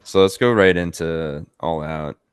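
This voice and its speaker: A man's voice: very deep voice, a little slow, clear, resonant tone, dry recording, clean studio sound. A man co-hosting a podcast in casual chat, rambling with lots of "like" and some swearing. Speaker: podcast co-host.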